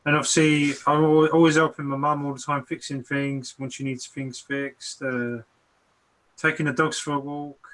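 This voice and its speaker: Bright-voiced man, hesitant. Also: fairly high pitch, level tone, normal speed. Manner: hesitant, repeats words, easygoing. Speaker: guest. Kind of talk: casual online chat.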